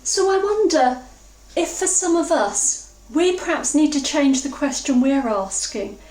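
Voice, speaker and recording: A woman from England preaching a sermon, reflective and earnest, slowing down to stress key words. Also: sits high, lively intonation, a little mellow, a little hiss or hum. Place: church hall. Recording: roomy, distant mic.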